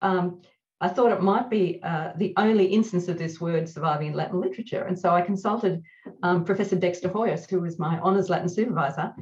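Woman guest expert, excited and giggly, slightly dull recording. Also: on the low side. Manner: enthusiastic, laughs often, quick bursts. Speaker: classics scholar guest. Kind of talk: conversational podcast discussion.

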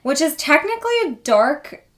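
A woman's voice: sits high, big pitch swings, normal speed, a bit bright. Frank, chatty woman co-hosting a podcast. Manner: chatty, frank, swears casually. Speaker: podcast co-host. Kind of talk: casual chat.

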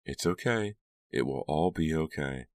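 Audiobook role: a man playing a worried mother, soft, soothing. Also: a bass voice, expressive, a little slow, no room sound, exaggerated voice. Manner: soft, crooning. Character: soothing middle-aged mother comforting her daughter.

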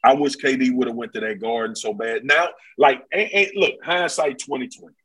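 A man's voice: medium pitch, fairly quick, fairly bright tone, slightly rough, poor audio. A man talking basketball in a casual, slangy, emphatic way on a podcast. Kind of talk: casual sports chat.

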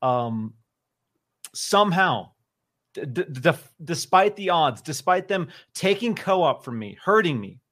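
A man's voice: fairly high pitch, very animated, slow pace, a bit bright. A man co-hosting a live gaming show, talking emphatically and repeating phrases for effect. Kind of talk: casual live-stream chat.

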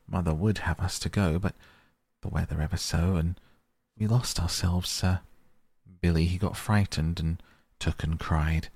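A man's voice: low voice, a little mellow, slightly rough, no room sound. A man playing a humble young hedgehog. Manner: respectful, rustic, ungrammatical speech.

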